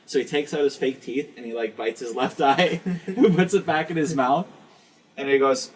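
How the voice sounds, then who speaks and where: A man's voice: mid-range voice, moderate pace. A young man hosting a casual podcast, telling a long joke with many fillers and quizzing his friends. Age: young adult. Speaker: podcast host. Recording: distant mic with faint hiss.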